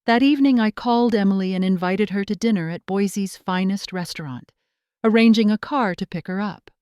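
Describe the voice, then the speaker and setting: A woman narrating a first-person drama story in a steady, scripted storytelling delivery. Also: mid-range voice, a little fast, smooth, no room sound, studio quality.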